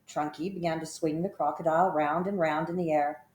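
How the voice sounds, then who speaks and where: A woman with a lowish voice reads a children's story aloud in an expressive, measured way. Her voice echoes around a roomy space. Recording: roomy echo.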